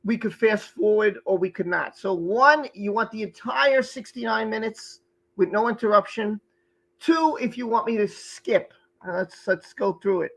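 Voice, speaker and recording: Guy with a raspy gravelly voice hosting a live stream, reading off viewer names, laid back and chatty. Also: high voice, moderate pace, fairly bright tone, low-quality recording. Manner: greets viewers by name from chat, stumbles over names. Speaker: livestream host. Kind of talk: casual live-stream chat.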